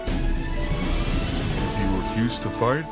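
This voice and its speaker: A man's voice: mid-range voice, lively intonation, extremely slow. A man voicing a solemn monster narrator in a fan animation, grave and ominous. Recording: played clip with loud music.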